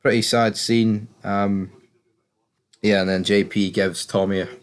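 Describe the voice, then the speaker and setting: A man's voice: fairly low pitch, level tone, a little slow. Sweary British man recapping a show. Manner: rambling, sweary, opinionated. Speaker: TV series reviewer. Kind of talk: casual episode recap commentary.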